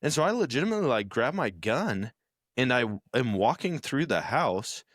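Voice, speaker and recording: A man's voice: medium pitch, very animated, normal speed, fairly bright tone, no room sound, studio quality. A man co-hosting a podcast, talking earnestly in casual chat with loose slang. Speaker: podcast co-host.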